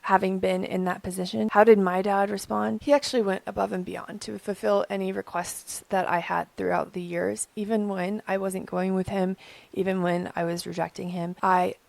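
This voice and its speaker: A young adult woman hosting an advice channel, talking calmly and earnestly from her own experience. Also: mid-range voice, moderate pace, vocal fry, no echo. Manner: gentle, earnest, speaking from personal experience. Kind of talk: calm advice talk to camera.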